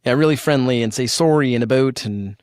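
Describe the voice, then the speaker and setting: A man's voice: medium pitch, brisk, a little mellow, smooth, no room sound, clean studio sound. A man hosting a podcast, telling stories in a laid-back, rambling way with many fillers. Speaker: podcast host. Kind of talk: casual interview chat.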